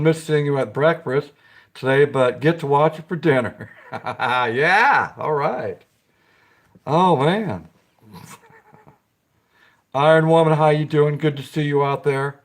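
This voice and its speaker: Giggly chatty man, higher voice. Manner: chatty, greets viewers by name, giggles often. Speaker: live-stream host. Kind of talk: casual live-stream chat.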